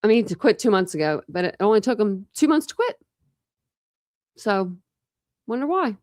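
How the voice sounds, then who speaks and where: A young woman hosts a casual true crime livestream, chatting with viewers in a tired, rambling way full of fillers and restarts. Her mid-range voice swings widely in pitch at a normal speed and sounds slightly mellow. The recording is studio quality with no echo.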